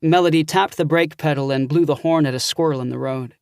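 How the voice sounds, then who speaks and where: A man's voice: fairly high pitch, fairly quick, creaky, a little mellow, smooth, no echo, studio quality. A man narrating an audiobook thriller in the first person, reading steadily.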